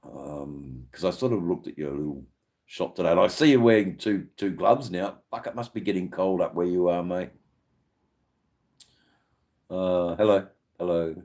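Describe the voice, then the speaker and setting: A man's voice: low-pitched, moderate pace, pauses often, darkish tone. A man with an Australian accent, hosting a live stream and chatting casually with viewers in a rambling, sweary, laid-back way. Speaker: livestream host.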